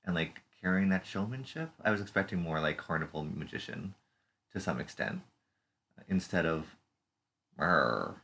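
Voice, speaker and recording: A man's voice: low voice, normal speed, fairly bright tone. A man co-hosting a podcast, chatting casually about a TV episode and making playful jokes. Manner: playful, puts on silly voices and puns. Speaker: podcast co-host. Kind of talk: casual chat recapping a TV episode.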